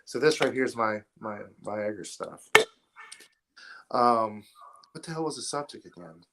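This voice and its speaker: A man's voice: on the low side, lively intonation, unhurried, a bit bright, slight background noise. A man as a podcast guest, talking bluntly and profanely in casual chat, rambling through stories. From Atlanta area, US. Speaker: podcast guest, film installer.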